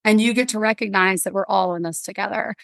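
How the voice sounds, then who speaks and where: Lively storytelling woman, dry close sound. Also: medium pitch, fast, creaky, no echo. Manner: animated storyteller, acts out quotes. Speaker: guest, counselor. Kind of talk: casual conversational interview.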